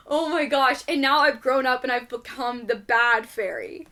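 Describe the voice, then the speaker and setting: A young adult woman hosts a podcast in casual conversation, ranting animatedly and swearing a lot. Her voice is high, bright, and pushed, and she speaks unhurriedly.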